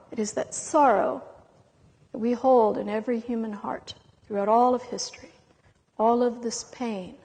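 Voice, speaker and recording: A high-voiced woman speaks in an intense, emotional way, letting long pauses hang between her words. It is a spiritual talk given to a live audience, and a long hall reverb trails after each phrase. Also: darkish tone.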